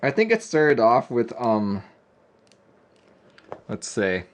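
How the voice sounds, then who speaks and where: A man's voice: medium pitch, very animated, slow, pauses often. A man live-streaming a keyboard build, chatting casually and joking with viewers. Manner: laid-back, joking with chat, often laughing.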